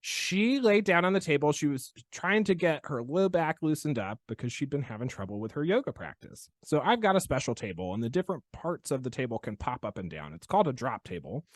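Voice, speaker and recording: A man hosting a podcast as a chiropractor, telling a story in a playful, animated way and laughing often. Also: a little high, fairly quick, few pauses, dry recording, studio quality. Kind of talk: casual podcast chat and storytelling.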